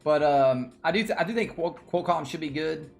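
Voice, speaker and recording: A man with a Southern twang from Nashville rambles through a casual live-stream chat, his voice sitting a touch higher than most men's. He talks loosely and slangily, working his thoughts out as he goes. Faint music plays behind him. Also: lively intonation, a little fast, gravelly. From Nashville, Tennessee. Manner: rambling, slangy, thinks aloud. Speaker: stock stream host.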